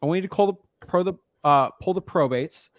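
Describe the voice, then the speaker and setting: A man with a somewhat high voice coaches a beginner in loose, slangy talk. He is blunt and conversational, and the sound is dry and close, with no room around it. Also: brisk, no room sound, lo-fi sound. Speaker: real estate wholesaling coach. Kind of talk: casual coaching call.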